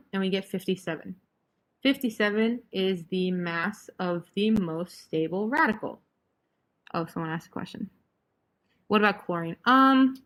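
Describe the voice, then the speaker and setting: A young woman runs a live online chemistry review in a relaxed, chatty way. She teases her students with dry sarcasm, then goes right back to plain explaining. Her voice sits at an ordinary middle pitch. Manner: casual, chatty, joking sarcasm. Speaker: chemistry tutor.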